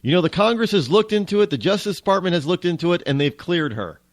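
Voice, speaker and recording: With a high, animated voice and a fast pace, a man hosts talk radio, wandering through a wry, casual monologue and frequently interrupting and restarting himself.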